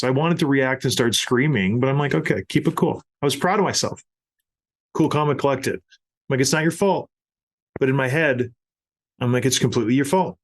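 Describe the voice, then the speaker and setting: Middle-aged male podcast host, casual and animated storyteller, mid-pitched voice. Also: a little fast.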